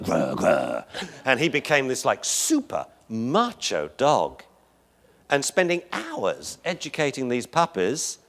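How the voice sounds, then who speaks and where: A man giving a lecture on dog behavior while narrating video footage. His pitch swings widely, rising and falling as he talks. He chuckles often and slips into voices for the dogs.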